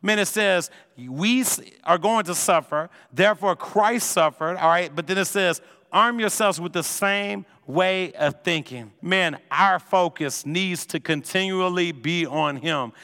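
High, bright-voiced energetic preacher man. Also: measured pace. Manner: energetic, conversational preaching, says "man" constantly. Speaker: pastor. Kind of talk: sermon. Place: church sanctuary. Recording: long hall reverb.

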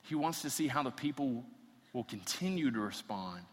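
A man's voice: medium pitch, lively intonation, moderate pace, big-room sound. A man preaching a sermon, reading scripture aloud and acting out the quotes as his intensity builds. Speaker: pastor.

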